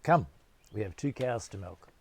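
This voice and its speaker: A man's voice: lowish voice, lively intonation, moderate pace, gravelly. A man voicing a cheerful, kind young farm girl in an audiobook, with a lightly raised, teasing delivery.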